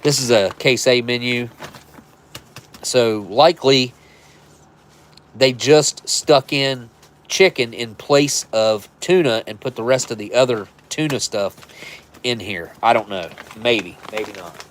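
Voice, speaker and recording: Rambling man thinking out loud. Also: medium pitch, slow pace, slight background noise. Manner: rambling, thinks aloud, self-correcting. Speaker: live stream host reviewing military rations. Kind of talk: casual live stream chat.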